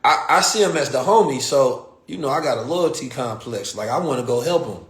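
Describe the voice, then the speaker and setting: With a mid-range voice and brisk delivery, an American man hosting a podcast relates a story in slangy, animated talk, acting out the people involved. There's a roomy echo on the recording.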